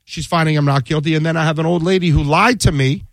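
A man's voice: fairly high pitch, quick pace, dry recording. A man who works as a defense attorney, telling a courtroom story in a casual chat and acting out the quoted dialogue. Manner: animated, acts out quoted dialogue.

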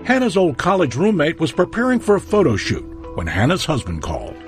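Lively-voiced male documentary narrator. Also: on the high side, over music. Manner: measured, dramatic storytelling.

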